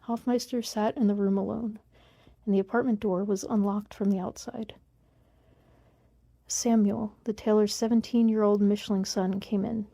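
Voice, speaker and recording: A woman reading a book aloud at an unhurried pace, plain and unadorned. Her voice is dark and gravelly, and the recording is dry and close. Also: mid-range voice, little pitch movement, no echo. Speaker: audiobook reader.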